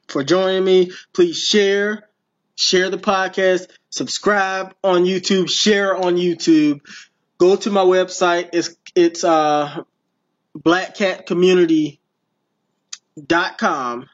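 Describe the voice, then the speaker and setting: A man hosting a podcast, rambling through his sign-off with many restarts and fillers. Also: high-pitched. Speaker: podcast host. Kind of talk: casual podcast outro. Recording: dull lo-fi sound.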